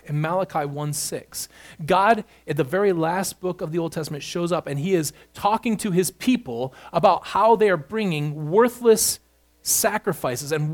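A man preaching an expository sermon, building emphasis on key points as he walks through scripture. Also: fairly high pitch. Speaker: pastor.

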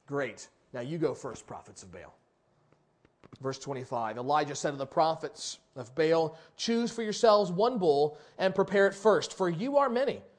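High-voiced preacher with dramatic swings. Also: male voice. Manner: dramatic, voices characters, swings from loud to hushed. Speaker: pastor. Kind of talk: sermon.

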